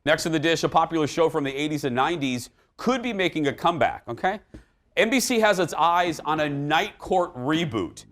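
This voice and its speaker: A man hosting an entertainment talk show, chatting casually with an animated, joking and emphatic manner. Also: on the high side, brisk.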